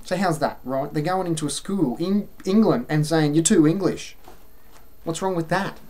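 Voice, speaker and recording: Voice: medium pitch, normal speed, a little mellow. An Australian-accented vlogger delivering an exasperated, sarcastic opinion rant to camera, with mocking asides.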